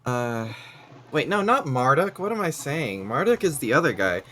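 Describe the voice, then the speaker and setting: A man's voice: mid-range voice, sing-song, moderate pace, pushed and bright, a little hiss or hum. Giggly man chatting on a game stream. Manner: giggly, laughs often while talking; rambling, corrects himself mid-sentence. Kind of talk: casual gaming stream chat.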